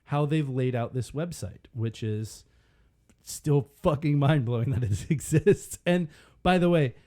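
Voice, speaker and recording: A man co-hosts a casual podcast, his voice dark and mellow. He talks in loose, crude, joking banter. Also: mid-range voice, unhurried. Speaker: podcast co-host. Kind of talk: casual chat.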